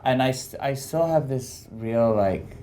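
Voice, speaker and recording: A man from England with a mixed American and English accent, a guest telling stories in casual conversation, animated and swearing freely. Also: medium pitch, a little slow, slight background noise. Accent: mix of American and English.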